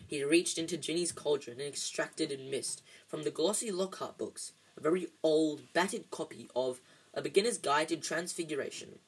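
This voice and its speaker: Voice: mid-range voice, normal speed, breathy edge. A reader narrating a storybook aloud, with frequent small slips and restarts.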